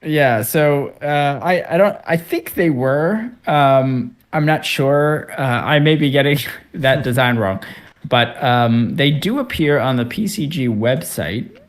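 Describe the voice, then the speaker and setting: A man's voice: medium pitch, expressive, slow. A man running a tabletop game as game master, narrating loosely with many fillers and restarts.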